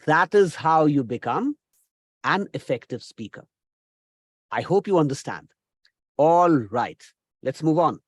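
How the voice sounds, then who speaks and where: A man, a communication trainer giving a recorded lecture, speaking in a deliberate, instructive way and repeating key phrases, still getting over a cough. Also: fairly high pitch, expressive, dry recording, studio quality. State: recovering from a cough.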